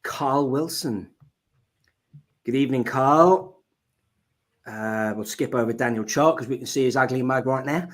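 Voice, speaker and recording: A man's voice: medium pitch, unhurried, pauses often. Man, live stream host, chatty, jokey, mid-range voice. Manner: chatty, jokey, laughs often. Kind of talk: casual chat. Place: at home.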